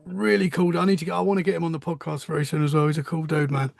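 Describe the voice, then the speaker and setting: Podcast host, man, high and gravelly, keen and chatty. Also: little pitch movement, rapid-fire, a little mellow. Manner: short enthusiastic reactions, says "man" often. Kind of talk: casual podcast chat.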